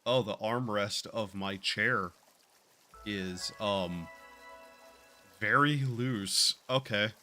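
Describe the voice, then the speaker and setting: A man's voice: on the low side, very slow, pauses often, bright, forceful tone, faint music behind. A man streaming a game, talking in a drawling, meandering way with sighs and casual swearing. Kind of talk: casual gaming stream chat.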